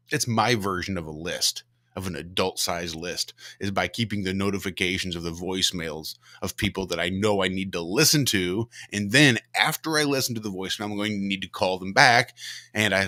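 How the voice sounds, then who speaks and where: Deep, bright-toned man in slow casual chat. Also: no room sound, clean studio sound. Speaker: podcast co-host.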